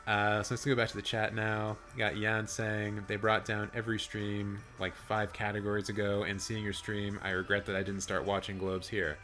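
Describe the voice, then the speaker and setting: Man, low, raspy and hoarse, casual rambling live-stream host, good mic. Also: monotone, moderate pace, hardly any pauses, pushed and bright. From Canada. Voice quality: deep and raspy. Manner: chatty, rambling, with fillers and restarts. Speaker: film channel live streamer. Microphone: good studio mic.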